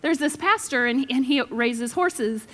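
A woman pastor giving a lively, joking sermon with dramatic pauses. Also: high-pitched.

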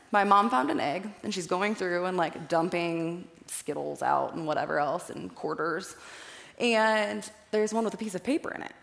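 A woman's voice: fairly low pitch, gravelly. A young woman from Iowa giving a personal, chatty faith talk in a storytelling way, speaking with slides in a large hall. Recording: echoey hall with long reverb.

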